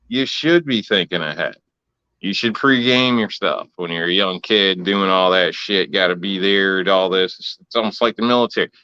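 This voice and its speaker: A man's voice: fairly low pitch, bright, forceful tone, smooth, no room sound, muffled recording. A man co-hosting a casual podcast chat, ranting bluntly and swearing often. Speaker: podcast co-host.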